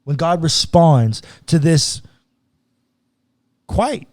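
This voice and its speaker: A man's voice: on the high side, sing-song, drawn-out words, darkish tone, dry recording. A man who is a pastor, talking through scripture on a podcast in a casual, earnest way, now and then voicing what God might say. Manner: casual and earnest, slips into acted quotes of God. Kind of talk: podcast conversation, teaching on scripture.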